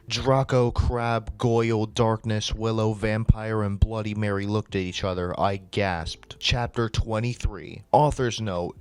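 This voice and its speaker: A man's voice: on the low side, fairly even intonation, unhurried, few pauses, darkish tone, clean tone, dry recording. Exasperated man reading aloud. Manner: exasperated, swearing outbursts. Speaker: video creator. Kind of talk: comedic reading with reactions.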